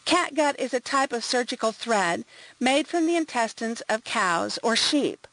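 Calm medical examiner, explanatory and even; woman reader's own voice. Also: fairly high pitch, measured pace, no room sound, rough recording. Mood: clinical.

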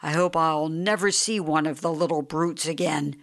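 A woman reading the lines of a restless middle-aged businessman in an audiobook, brisk and hearty when busy and flat when idle. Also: low-pitched, gravelly. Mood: disgusted.

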